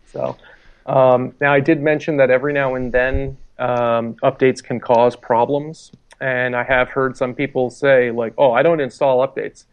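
A man's voice: medium pitch, little pitch movement, measured pace, clean tone, muffled recording. A man speaking as an IT security guest on a podcast, explaining at an easy pace with fillers and everyday analogies. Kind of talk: casual podcast discussion.

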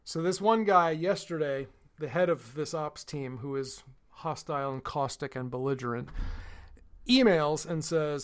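Animated storytelling man, fairly high voice. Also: moderate pace, clear, resonant tone. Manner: animated retelling, mocking others in quotes. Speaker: podcast co-host. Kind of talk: casual chat, storytelling.

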